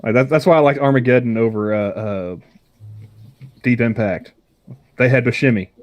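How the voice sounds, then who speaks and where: A young man chats on a podcast in a middle-pitched voice. He rambles, stammers and restarts his thoughts as he goes. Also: moderate pace, muffled recording. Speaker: podcast co-host. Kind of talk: casual chat.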